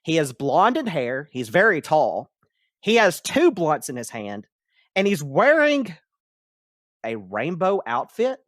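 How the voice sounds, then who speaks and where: A man narrating a tabletop game as game master, setting scenes in slow, descriptive turns. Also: on the high side, fairly bright tone, no room sound, studio quality.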